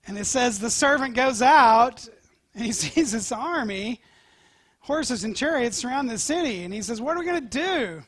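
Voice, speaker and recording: A male pastor preaching a sermon, telling scripture stories with animated swings from loud to whispered. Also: very high voice, measured pace, no room sound. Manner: animated storytelling, dropping to near-whispers.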